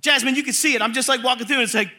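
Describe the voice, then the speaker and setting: A man preaching a sermon, reading scripture slowly and telling animated stories with jokes. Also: very high voice. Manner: animated storytelling, jokes and voices; reads scripture slowly and forcefully. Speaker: pastor.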